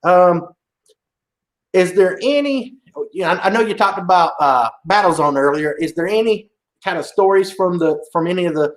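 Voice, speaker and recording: A man hosting a casual livestream interview, easygoing and halting with fillers. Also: high-pitched, lively intonation. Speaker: podcast host.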